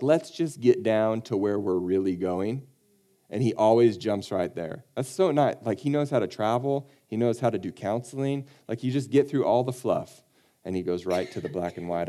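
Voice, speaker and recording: A man's voice: mid-range voice, mellow. A man pastor giving a casual, conversational sermon with joking asides, acting out the people he quotes.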